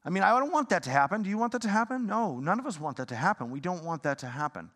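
A man preaching a sermon in a fired-up, rambling way, swinging from loud bursts to hushed talk. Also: high voice, expressive, fast talker. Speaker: pastor. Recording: long hall reverb.

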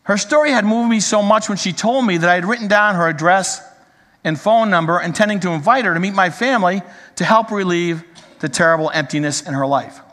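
High-voiced man preaching in a reverberant hall. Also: fairly bright tone. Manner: earnest, measured storyteller who reads a story aloud. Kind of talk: sermon storytelling.

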